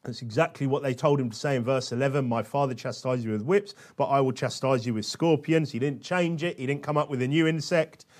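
A male preacher giving a sermon in a conversational way, often checking in with questions like "okay?" and slowing down to stress scripture. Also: medium pitch, a little mellow. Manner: conversational, with frequent tag questions; slows and stresses quoted scripture.

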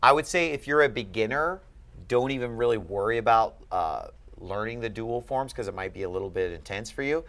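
A man speaks animatedly and fairly quickly in a lowish voice with a fairly bright tone. As a Greek tutor in a one-on-one lesson, he explains each step and often checks that the student is keeping up.

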